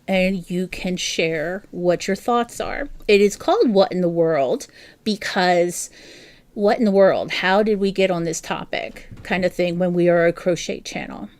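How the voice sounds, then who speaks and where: A woman's voice: medium pitch, a little mellow, no echo. A middle-aged woman hosting a live crochet stream, chatting casually and reading viewer comments aloud.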